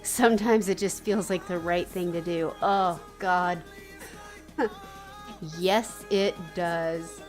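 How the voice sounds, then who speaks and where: A woman's voice: fairly low pitch, steady tone, slow. A woman streamer in a casual livestream chat, chatty and giggly, rambling with fillers. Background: soft background music.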